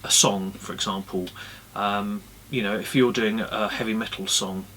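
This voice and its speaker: A man giving casual puppetry tips in a relaxed, friendly way with many ums, recorded indoors on a camera-mounted mic. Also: on the low side, moderate pace, a little hiss or hum. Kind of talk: casual instructional talk.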